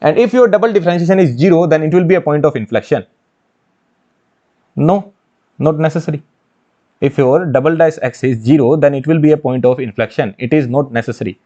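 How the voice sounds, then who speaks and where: A man's voice: on the high side, brisk, dark tone, highs cut off. A man with an Indian English accent teaching engineering mathematics for an exam course, asking questions and answering them himself and repeating key phrases. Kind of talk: online exam-prep lecture.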